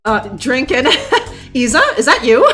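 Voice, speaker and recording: A woman streamer rambles sarcastically through live commentary on a game, laughing along the way. Her voice is high and bright and swings widely in pitch, with faint game music running behind her. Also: big pitch swings, a little slow.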